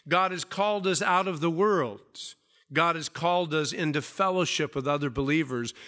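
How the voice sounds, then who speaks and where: Preacher guy, bright voice, kinda high, repeats stuff, goes low and quiet to hit a point. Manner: emphatic preaching, drops low and soft for stress; repeats key phrases, asks the congregation questions. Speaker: pastor. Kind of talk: sermon.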